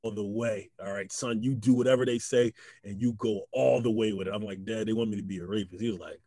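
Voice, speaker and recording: A young man, a guest comedian, telling a story in a casual chat, animated, laughing often and acting out the voices he quotes. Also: lowish voice, fast talker, no room sound.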